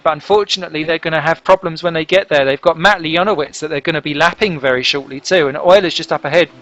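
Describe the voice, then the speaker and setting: A man giving lively, jokey play-by-play commentary on a sim race broadcast. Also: on the high side, muffled recording, a little hiss or hum. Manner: excitable, jokey, chatty play-by-play. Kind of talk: live sim racing commentary.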